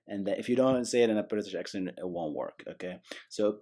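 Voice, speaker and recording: A young man with a lowish voice hosts a casual, screen-recorded coding tutorial, speaking fairly quickly with few pauses. He's chatty and animated, cracks jokes, and keeps dropping in "okay" and "right."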